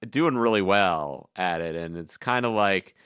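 A man's voice: low-pitched, measured pace, a bit bright, clear, resonant tone, no echo, clean studio sound. A man in his fifties co-hosting a podcast, chatting in a rambling, self-deprecating way. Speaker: podcast co-host. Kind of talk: casual chat.

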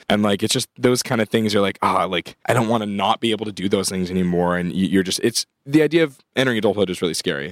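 A man's voice: deep voice, no room sound, clean studio sound. A young man from the United States who plays in a rock band, chatting casually in an interview and rambling with lots of "like" and restarts.

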